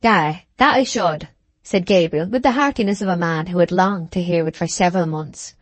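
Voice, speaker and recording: A woman narrating a classic novel for an audiobook in a measured, even storytelling manner. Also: lowish voice, no echo.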